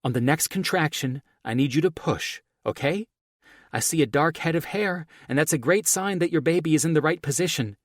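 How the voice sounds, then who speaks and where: A man doing a calm, coaching woman. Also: fairly high pitch, a little fast, no room sound, studio quality, voice pushed up. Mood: coaching calmly. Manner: cool, calm, collected, encouraging. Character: calm, capable woman taking charge. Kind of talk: audiobook character voice.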